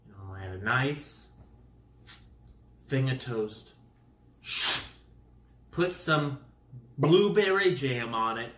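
A man rambling through a goofy comic monologue full of wordplay, swinging into loud exasperation. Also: mid-range voice, expressive, slow pace, long pauses, reverberant.

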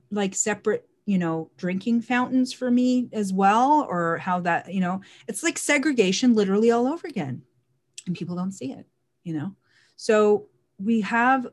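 A woman speaking in a casual monologue, emphatic and animated, often repeating words for stress. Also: lowish voice.

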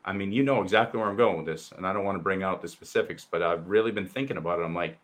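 A man co-hosting a heated online talk show, blunt and impassioned, swearing freely and mimicking others in quick quoted asides. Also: low voice, a bit bright. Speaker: co-host. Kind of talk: heated casual discussion.

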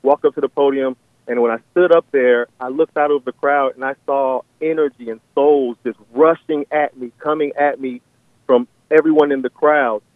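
A man's voice: mid-range voice, steady tone, normal speed, no room sound. A man speaks over a tinny, dry phone line. He is calling in and tells a long vision, hesitant and full of ums and restarts. His voice sits in a middling register. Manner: hesitant, many fillers and restarts. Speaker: caller. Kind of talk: phone-in call sharing a vision. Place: on a phone call.

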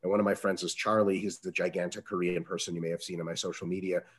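A man answering interview questions as a strength coach, talking casually, with salty language and lively acted-out quotes. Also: low voice, fast. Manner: profane, animated, acts out quoted dialogue.

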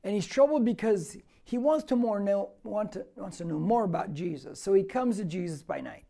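A man's voice: high-pitched, moderate pace. A male pastor preaching a verse-by-verse sermon, emphatic and repeating phrases for stress. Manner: emphatic, with loud rises on key words; reads scripture aloud and repeats phrases for stress.

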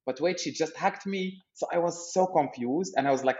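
Animated man telling a funny story. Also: a little high, moderate pace, echoey room, dull audio. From Morocco. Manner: animated storyteller, laughs often, repeats words. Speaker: podcast guest, startup founder. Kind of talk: casual storytelling interview.

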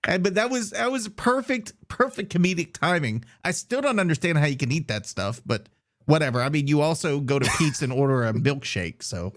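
A man's voice: on the high side, very animated, a little fast. A young man co-hosting a casual sports podcast who teases and gives his opinions bluntly. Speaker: podcast co-host.

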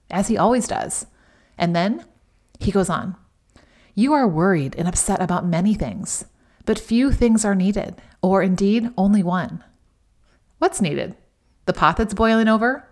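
A middle-aged woman hosting a devotional podcast in a chatty, emphatic way, with sudden animated outbursts. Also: on the low side. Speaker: podcast host.

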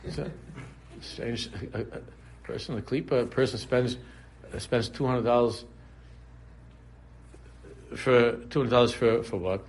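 A man's voice: medium pitch, fairly even intonation, a little slow, pauses often, a little hiss or hum. A man teaching a casual religious class, talking conversationally, repeating phrases and drifting into humorous examples. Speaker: Torah teacher.

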